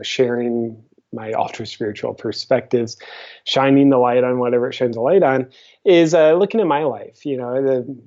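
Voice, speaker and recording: Relaxed wry guy being interviewed, warm mellow voice, muffled lo-fi sound. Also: medium pitch. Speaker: guest. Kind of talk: casual interview chat. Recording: dull lo-fi audio.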